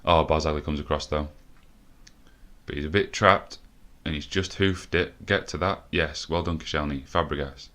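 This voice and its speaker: Deep-voiced breathless man commentating a game. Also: normal speed. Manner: swears a lot, shouts when excited. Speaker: gaming commentator. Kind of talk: live video game commentary.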